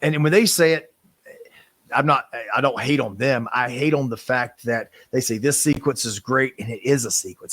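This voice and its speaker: Man, wrestler guest, passionate rambler, mid-pitch, dry close recording. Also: a bit bright, no room sound. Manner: impassioned, rambling with restarts and swearing. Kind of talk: casual interview talk.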